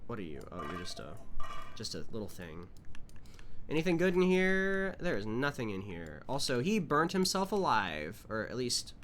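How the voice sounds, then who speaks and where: A man streaming a horror game live, talking to his chat in a lively, swooping voice. His tone is bright and forward. A faint hiss of noise sits under the recording. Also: mid-range voice, normal speed. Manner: animated, chatty, talking to chat. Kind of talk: live gameplay commentary.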